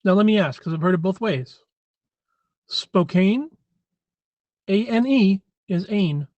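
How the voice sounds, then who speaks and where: Casting: man hosting a live stream, slightly high voice, chatty and rambling, dull dry lo-fi sound. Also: expressive, normal speed, a little mellow, dry recording. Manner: rambling, chatty, frequent throat clearing. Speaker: livestream host. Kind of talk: casual live-stream chat.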